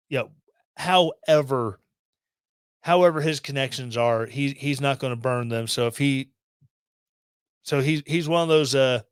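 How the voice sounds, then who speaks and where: A man's voice: mid-range voice, smooth, dry recording. A man hosting a podcast, commenting on the news in a rambling, self-deprecating way with sarcastic asides, into a studio microphone. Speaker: podcast host.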